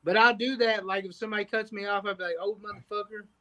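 Brief: male co-host, casual chat, very high-pitched voice, deadpan and profane. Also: rapid-fire. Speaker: podcast co-host.

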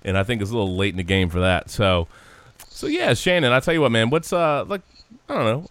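A man's voice: mid-range voice, quick pace, a bit bright, dry recording. A man hosting a casual sports podcast, laughing often and calling his cohost dude and man.

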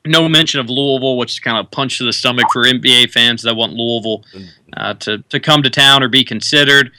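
A man's voice: medium pitch, fast talker, sharp tone, dry recording. A young man hosting a sports radio show, chatting casually with fillers and restarts. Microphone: studio mic.

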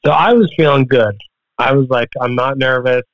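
An MMA fighter guesting on a podcast tells a story casually, rambling and profane, acting out the quotes. His voice is mid-range at normal speed, with no room sound, in dull, dry podcast audio.

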